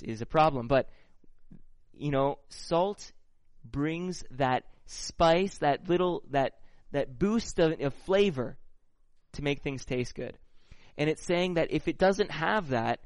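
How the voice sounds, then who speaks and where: A man preaching a sermon who reads scripture slowly and explains it in a casual, conversational way, often checking in with "right?". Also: medium pitch, no echo. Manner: slow, deliberate reading of scripture. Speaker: pastor.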